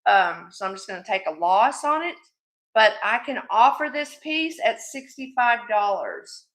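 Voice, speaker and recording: A woman's voice: mid-range voice, very animated, a little slow, a bit bright, echoey room. A woman hosting a live jewelry sale stream, chatty and affectionate with her viewers, calling them sweetie. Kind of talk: live-stream selling chat.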